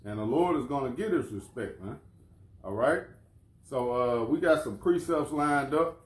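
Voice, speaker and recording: A man's voice: mid-range voice, expressive, normal speed, reverberant. A man leading an informal religious lesson, casual and conversational, often calling people "man" and "bro". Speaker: lesson leader.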